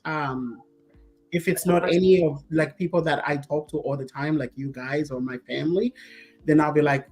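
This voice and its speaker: A woman co-hosting a casual talk show, telling stories with lively quoted voices and frequent laughs. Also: low voice, normal speed, soft background music. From Zambia. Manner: animated storyteller, acts out quoted voices, laughs often. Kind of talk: casual chat.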